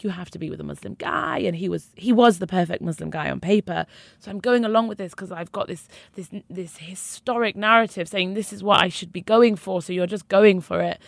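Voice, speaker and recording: A woman's voice: on the low side, vocal fry, no room sound, studio quality. A young woman frankly telling her own story as an interview guest, emphatic and conversational. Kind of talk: candid personal storytelling.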